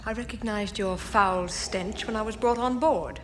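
An actress playing a defiant young captive princess, delivering scornful, clipped lines in a wavering put-on English accent, from old film audio. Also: female voice, mid-range voice, normal speed, very noisy, lightly acted.

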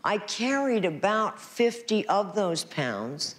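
Wry, lively woman doing comic stories. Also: mid-range voice, slow. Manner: wry, self-mocking, punchy comic timing. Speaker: actress telling stories. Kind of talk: comic speech to an audience. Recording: archival speech clips with audience and noise. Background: audience laughter.

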